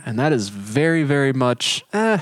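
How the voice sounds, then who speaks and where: A man co-hosting a podcast in casual chat, measured and cautious, chuckling now and then. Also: medium pitch, big pitch swings, no echo, studio quality. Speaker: podcast co-host.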